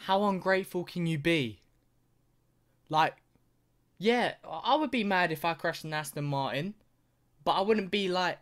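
A man's voice: sits high, a little slow, long pauses, a bit bright. Young man, sweary, mocking, ranting reaction-video host. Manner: crude, swears constantly, mocking.

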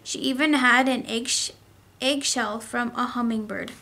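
A woman teacher reading a children's storybook aloud, in an expressive read-aloud manner. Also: a little high, unhurried.

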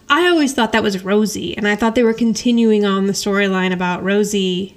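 This podcast co-host, a woman of medium pitch, talks a little fast with few pauses while recapping a sitcom episode. Animated and casual, she laughs frequently and quotes characters in paraphrase.

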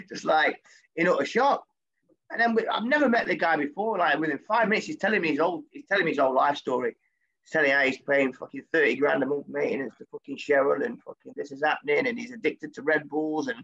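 Gravelly, husky man, former footballer, animated and sweary anecdote on a dull lo-fi recording. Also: fairly high pitch, fast talker. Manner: animated, swears freely, voice jumps up when quoting himself. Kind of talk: casual storytelling anecdote.

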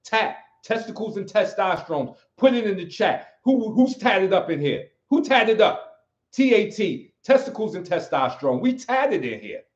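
A man's voice: sits high, big pitch swings, moderate pace. An American man hosting a livestream, giving an emphatic, preachy motivational talk and hammering on key phrases over and over. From United States. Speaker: livestream host and martial arts teacher. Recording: roomy, slightly dull audio.

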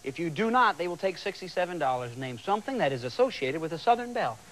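A man hosting a television game show, bantering and teasing contestants in a lively way. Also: a little high, fast. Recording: old broadcast tape with loud audience and noise. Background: loud studio audience.

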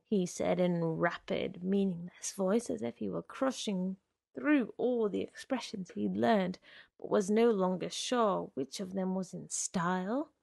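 A woman reading a short story aloud in a measured, unhurried way. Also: mid-range voice, gravelly, darkish tone, dry recording. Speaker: reader.

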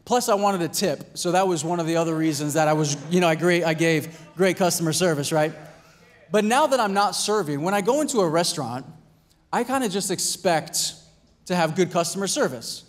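A pastor preaching a sermon in a conversational way, acting out little scenes and asking "right?" and "Amen?". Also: male voice, high-pitched, animated, a little fast. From United States. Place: church hall.

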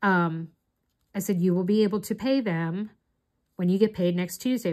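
A woman's voice: mid-range voice, normal speed, a little mellow. A middle-aged woman chatting casually as she works on her diamond art, telling a long story in a rambling, chatty way. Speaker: crafting vlogger. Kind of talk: casual chat while doing diamond art.

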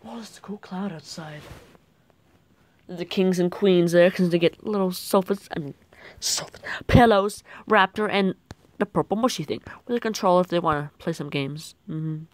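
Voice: mid-range voice, normal speed. A young gaming video creator giving rambling, jokey gameplay commentary.

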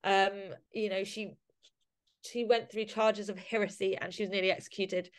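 A woman's voice: medium pitch, level tone, normal speed. A woman guest on a casual podcast interview, talking emotionally with many fillers and restarts. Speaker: podcast guest, society member.

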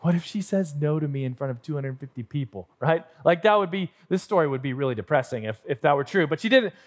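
A young adult man preaching in church, telling a self-deprecating story and acting out the scenes in an animated way. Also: on the high side, quick pace. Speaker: pastor. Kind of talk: sermon storytelling. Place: church auditorium.

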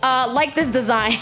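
A young woman streaming live with a high-pitched voice. She rambles to chat, swearing casually, with faint game music underneath. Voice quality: profane, rambling.

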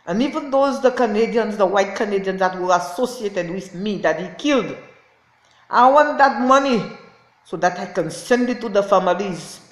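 A woman's voice: mid-range voice, animated, moderate pace, reverberant. A woman speaking as a self-styled prophetess in an impassioned, repetitive rant to camera, laughing in anger. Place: indoors, lying on a floor.

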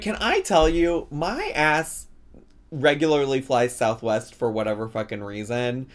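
A man commentating casually over a cooking video, chatty and swearing with sudden excited outbursts. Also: medium pitch. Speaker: host reacting to a cooking video.

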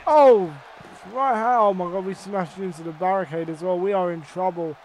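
Excitable high-voiced man gaming. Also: brisk, slight background noise. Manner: excitable, swears a lot, sudden loud outbursts. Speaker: gaming YouTuber. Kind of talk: excited let's-play commentary.

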